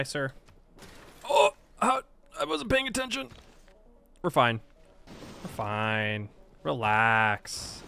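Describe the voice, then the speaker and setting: A man narrating his strategy game in a loose, chatty way, poking fun at himself and snapping back at the computer players. His pitch swings up and down a lot, so he sounds lively and animated. His voice sits at an ordinary middle height for a man. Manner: chatty, self-mocking, talks back at the game. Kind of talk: casual Let's Play commentary.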